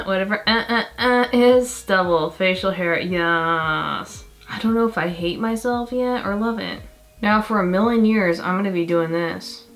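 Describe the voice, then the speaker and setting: A woman's voice: mid-range voice, a bit bright. Chatty self-mocking young woman vlogger. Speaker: makeup vlogger. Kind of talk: casual makeup tutorial chat.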